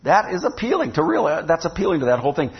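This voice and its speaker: Guy preaching a sermon, kinda high voice, chatty, keeps asking the church questions, dull lo-fi sound. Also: very animated, fast. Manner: conversational, asks the congregation questions. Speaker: pastor.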